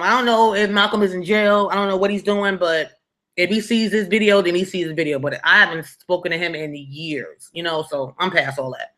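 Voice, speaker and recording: A young woman recounting her past with a bright, forceful voice. She tells it dramatically and keeps checking in with the viewer as she goes. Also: medium pitch. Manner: dramatic and conversational, with frequent tag questions to the viewer. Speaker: storytime vlogger. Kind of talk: casual storytelling.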